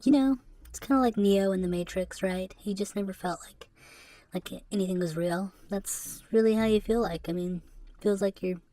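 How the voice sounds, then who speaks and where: A woman hosting a podcast into a microphone, talking in a halting, rambling confessional monologue that is broken by rueful laughs and sounds depressed. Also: medium pitch, dark tone. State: depressed and subdued. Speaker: podcast host.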